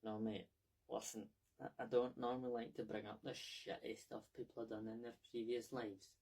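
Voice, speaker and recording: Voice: mid-range voice, little pitch movement, moderate pace, a little mellow, husky. A speaker lecturing someone bluntly in a comedy sketch.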